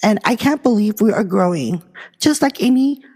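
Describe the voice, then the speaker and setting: A young woman from California hosting a casual podcast, chatty and excitable, talking straight to her listeners. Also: medium pitch, normal speed, breathy edge. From Fresno, California. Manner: chatty and excitable, many "like" fillers, addresses listeners directly. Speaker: podcast host. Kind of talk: casual podcast chat and reading history notes. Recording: long reverb, hall-like echo.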